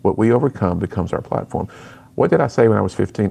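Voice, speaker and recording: A man's voice: on the low side, expressive, quick pace, vocal fry, warm tone, husky. A middle-aged man, a speaker and author, telling his personal story earnestly in an interview.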